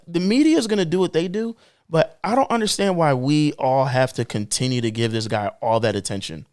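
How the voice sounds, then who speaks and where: Young man, podcast co-host, lively swinging pitch, smooth clear voice, emphatic casual rant. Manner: animated, emphatic, swings between low drawl and excited high bursts.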